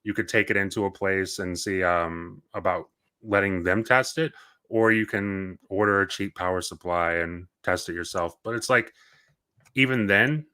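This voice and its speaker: A man chats casually on a gaming podcast, his voice sitting a little low but sounding bright. He rambles through his stories and keeps stopping to correct himself. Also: normal speed, clean tone. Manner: rambling, self-correcting storyteller. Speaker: podcast co-host.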